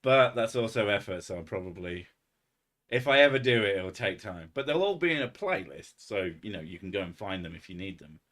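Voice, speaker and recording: A man's voice: lowish voice, expressive, fairly quick, a bit bright. A man hosting a casual live stream, rambling and self-mocking with a lot of swearing.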